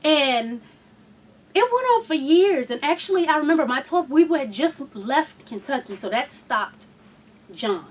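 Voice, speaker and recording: A woman hosting a frank casual chat, telling blunt, profane stories with loud outbursts and hushed asides. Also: high voice, animated, normal speed, recorded from a distance. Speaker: host.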